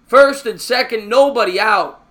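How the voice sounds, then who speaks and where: A man hosting a live stream, giving fan play-by-play of a baseball game. He is chatty and answers viewer comments between pitches, and he gets excited and raises his voice on big plays. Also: unhurried.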